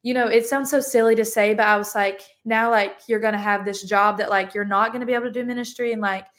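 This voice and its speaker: A woman's voice: fairly high pitch, fairly even intonation, fast talker, fairly bright tone. Young woman, podcast guest, casual storytelling, lots of "like". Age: young adult. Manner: chatty, heavy use of "like" fillers. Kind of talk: casual testimony.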